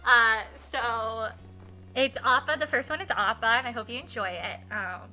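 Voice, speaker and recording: A woman's voice: fairly high pitch, moderate pace, sharp tone, soft background music. A young woman streaming a game live, gushing with thanks to her chat and talking in a chatty way full of fillers. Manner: gushing, emotional, many thank-yous.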